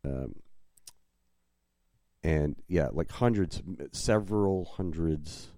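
A man's voice: extremely low pitch, lively intonation, slow pace, warm tone, no room sound. A man co-hosting a podcast in casual chat, talking in an easygoing way with frequent restarts. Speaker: podcast co-host and group admin.

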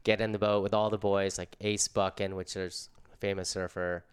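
A man's voice: low voice, flat delivery, normal speed, clean tone. A middle-aged man casually telling a story in laid-back, slangy surfer talk.

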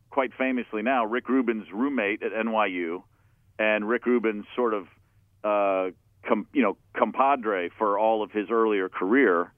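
A man's voice: on the low side, no echo. A man in his fifties from Atlanta, telling stories from his band's early days in a candid, profane, casual way, often acting out what people said. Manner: candid, profane, acts out quoted voices. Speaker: musician guest. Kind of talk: casual storytelling interview. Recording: tinny phone-like line, dry.

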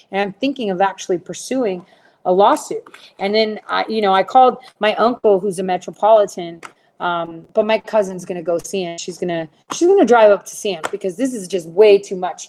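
A woman's voice: medium pitch, moderate pace, darkish tone. A middle-aged woman talking to viewers in a rambling, blunt, profane rant, full of fillers. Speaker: livestream host answering viewers.

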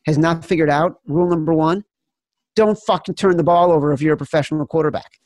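A man's voice: fairly high pitch, fast talker, a little mellow, no room sound, clean studio sound. A man from the Chicago suburbs hosting a casual sports betting chat, fired up and profane. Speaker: podcast host.

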